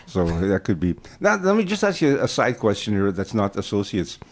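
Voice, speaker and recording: A Canadian-accented man hosts a laid-back radio chat from the studio. His voice sits low, and he talks in an easy, rambling way with frequent fillers. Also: fairly quick. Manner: relaxed, chatty, laughs easily. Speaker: radio show host. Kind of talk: casual radio interview.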